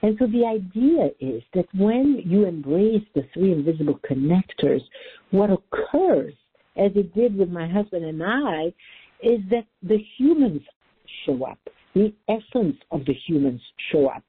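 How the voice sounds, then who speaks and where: Earnest woman teacher telling a story, kinda husky, tinny phone-call sound. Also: medium pitch, very animated, unhurried, no echo. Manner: earnest, emphatic, reflective. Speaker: interview guest, relationship teacher. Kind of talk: storytelling in conversation.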